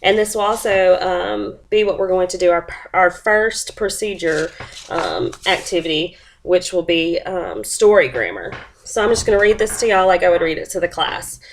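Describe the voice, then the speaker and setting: A woman with a drawl explains her lesson plan in a plain, classroom way. She has a cold and sniffles as she talks. When she reads the story she slows down and puts on voices and sound effects for the characters. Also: lowish voice, slight background noise. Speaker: teacher presenting a lesson plan. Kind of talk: explaining a lesson and reading a picture book aloud.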